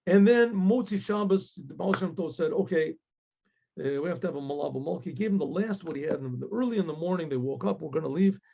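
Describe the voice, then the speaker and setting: A man with a gravelly, husky voice tells a story in a loose, animated way, clearing his throat now and then and voicing each character. His tone is dark and mellow. The recording sounds dull and lo-fi. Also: on the high side, a little fast. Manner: animated, acts out voices with rising emotional pleas; frequent throat clearing and restarts. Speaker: rabbi storyteller. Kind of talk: casual spoken storytelling.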